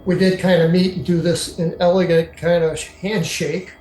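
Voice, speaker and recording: An older man recounting his own experience to an interviewer, in a halting way with many fillers. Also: high-pitched, level tone, a little mellow. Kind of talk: first-person storytelling. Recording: echoey room with faint music.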